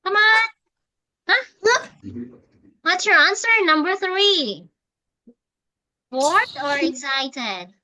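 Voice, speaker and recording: A woman's voice: very high-pitched, lively intonation, drawn-out words, pauses often, sharp tone, no echo, rough recording. A woman teaching English to a young child one-on-one, patiently coaxing and repeating her prompts.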